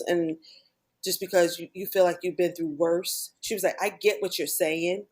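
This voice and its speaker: Appearing as a podcast guest, a middle-aged woman speaks with candor and earnestness in a slightly low, somewhat mellow voice that holds a steady tone. She frequently replays remembered conversations in rapid bursts of quotation.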